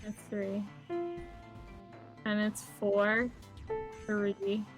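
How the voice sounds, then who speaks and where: A woman's voice: medium pitch, monotone, very slow, music in the background. A woman streaming a game, giggly, reading character lines aloud.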